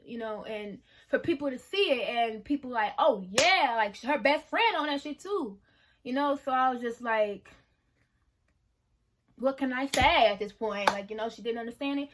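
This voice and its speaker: A woman of about twenty telling her side of a story to camera in a casual, emotional vlog, speaking frankly and swearing freely. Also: on the high side. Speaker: vlogger.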